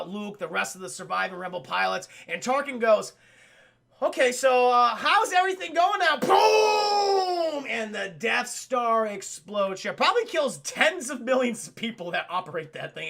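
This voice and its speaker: A young man streaming a casual film recap to his chat, excitable and swearing as he acts out scenes. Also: high-pitched, moderate pace, creaky, few pauses.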